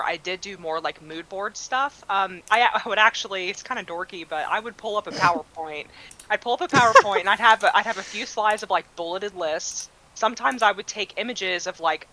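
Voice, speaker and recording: Bright-voiced woman guest, easygoing. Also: on the low side, a little hiss or hum, rough recording. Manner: thoughtful, self-deprecating, easygoing. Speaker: guest designer. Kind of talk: casual interview chat.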